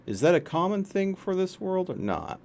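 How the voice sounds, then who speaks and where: A man playing a tabletop role-playing game, asking questions and thinking aloud in a wry, halting way. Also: high-pitched, very animated, creaky, darkish tone. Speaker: player. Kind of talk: casual tabletop game chat.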